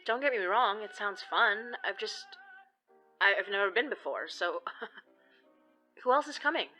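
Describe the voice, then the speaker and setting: A woman's voice: medium pitch, animated, unhurried, long pauses, bright, forceful tone, low-quality recording. A woman playing a wry witch from the Philippines in an audio drama, teasing and dry, with faint music behind her.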